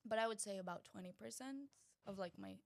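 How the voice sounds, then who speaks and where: A woman's voice: mid-range voice, lively intonation, quick pace. A young Israeli woman, a native Hebrew speaker with an American-tinged English accent, chatting as an interview guest, laughing often and dropping in Hebrew words. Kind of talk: casual interview chat.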